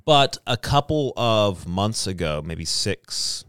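A male podcast host who chats casually and tells long, rambling stories. His voice is smooth and resonant, and his pitch moves around a lot. It sounds close and dry, with no room echo. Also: big pitch swings, slow pace, a bit bright. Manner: rambling storyteller, lots of fillers and laughs. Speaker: podcast host and board operator. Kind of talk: casual chat.

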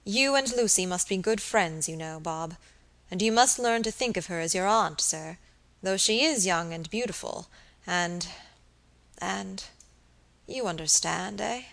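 A woman's voice: medium pitch, measured pace, vocal fry. A woman reading a fond old baronet. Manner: gentle, affectionate. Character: elderly ailing male baronet, fond and fatherly. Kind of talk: audiobook character reading.

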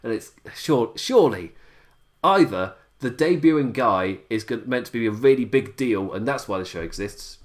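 A man's voice: mid-range voice, lively intonation, moderate pace. A young man hosting a podcast, rambling casually and thinking aloud, with frequent short laughs. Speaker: podcast host.

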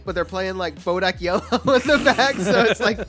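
A man's voice: high voice, normal speed. A man in casual podcast chat, telling a profane story and laughing through it.

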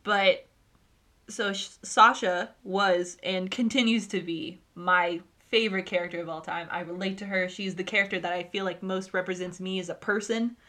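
Bright-voiced woman ranting casually. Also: medium pitch, normal speed. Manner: animated, swearing, ranting. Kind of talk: casual chat.

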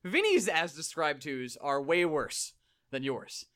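A young man hosts a casual podcast, teasing his friends with a joking, playful delivery. His voice sits a bit high and swings up and down a lot. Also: big pitch swings, takes it slowly, pushed and bright. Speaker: podcast host. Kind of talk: casual chat.

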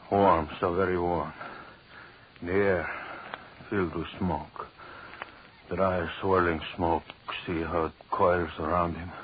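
An actor playing a cruel, obsessed jealous husband in a 1940s radio horror play, brooding and menacing. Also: male voice, low-pitched. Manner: brooding, menacing, builds to frantic shouting. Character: cruel, obsessed jealous husband holding his wife captive. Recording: dull hissy 1940s radio broadcast.

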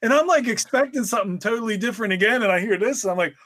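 A podcast co-host tells his stories in a loose, rambling, conversational way. His voice sits a little high for a man. The sound is dry and close, with no room echo. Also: rapid-fire, a bit bright, breathy edge. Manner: rambling, chatty storyteller. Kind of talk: casual chat.

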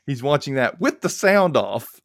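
Male podcast host, animated recapper who acts out the lines, dry close mic. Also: mid-range voice, no echo. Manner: animated, acts out characters' lines in quick impressions. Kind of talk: casual chat recapping a TV episode.

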